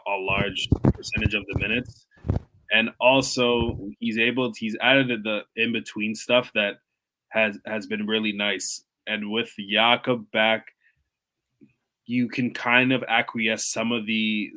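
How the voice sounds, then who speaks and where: Bright-toned man analyzing basketball. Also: fairly low pitch, low-quality recording. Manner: measured, thoughtful analysis with small restarts. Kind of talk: casual basketball analysis chat.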